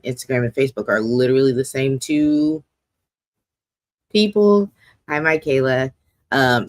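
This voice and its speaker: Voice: medium pitch, no echo. A forty-year-old host chatting casually on a livestream, rambling and joking at their own expense. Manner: chatty, rambling and self-mocking. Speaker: host of a poetry slam's monthly livestream.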